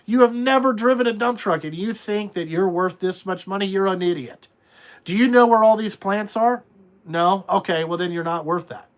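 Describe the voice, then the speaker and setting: A man with a notably high voice talks casually on a podcast about running a trucking business. He is blunt and profane and rambles from one point to the next. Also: moderate pace. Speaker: trucking company owner.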